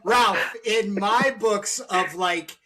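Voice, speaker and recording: A man's voice: high voice, extremely slow, sharp tone, slight background noise. A man hosting a casual interview, talking in a rambling, enthusiastic way with many restarts. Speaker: podcast host.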